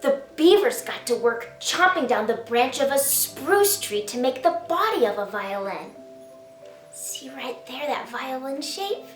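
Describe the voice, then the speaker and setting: Slow high-voiced woman reading storytime. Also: big pitch swings, roomy sound, far from the mic, soft background music. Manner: slow, sing-song and playful, invites kids to join in. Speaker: children's author reading her picture book. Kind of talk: storytime read-aloud for children.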